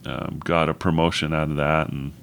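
A man's voice: extremely low pitch, fairly even intonation, moderate pace, gravelly, fairly bright tone, slight background noise. A man co-hosting a podcast, talking casually and agreeably about an old film, with plenty of fillers. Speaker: podcast co-host.

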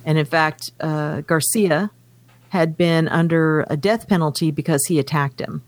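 A woman co-hosts a casual book discussion podcast, reading passages aloud from the novel between her comments. Her voice is low and steady, and she speaks unhurriedly.

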